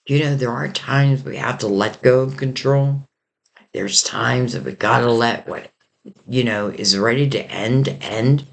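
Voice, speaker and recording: A man's voice: medium pitch, creaky. A man giving a casual tarot reading in a rambling, reflective way, full of fillers, while his voice is going. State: losing his voice. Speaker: tarot reader.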